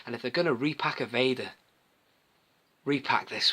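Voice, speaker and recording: A man's voice: mid-range voice, normal speed, pushed and bright, slightly rough. A man chatting casually and enthusiastically as a collector vlogger, rambling and restarting his sentences. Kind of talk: casual show-and-tell.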